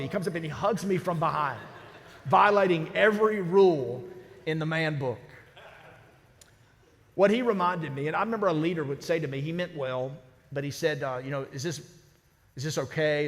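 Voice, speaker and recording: A man's voice: fairly high pitch, a little fast. Preaching man in a reverberant church. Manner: storytelling, lively and conversational. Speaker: senior pastor. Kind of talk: sermon. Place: large church sanctuary. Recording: church sanctuary with long reverb.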